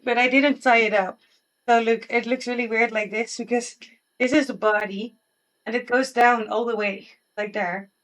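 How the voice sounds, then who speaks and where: A woman's voice: a little high, fairly bright tone. Sleepy, giggly woman streamer. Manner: chatty and giggly, talking to chat and her pet. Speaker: Twitch streamer. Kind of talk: casual live-stream chat.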